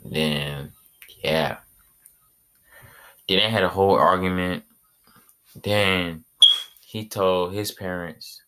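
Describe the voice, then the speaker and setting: List: man, low voice, forceful, casual storytelling, rambling, slangy. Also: fairly even intonation, slow pace, pauses often, clean tone. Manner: rambling, slangy, many fillers and restarts. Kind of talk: casual retelling of an invented anime story.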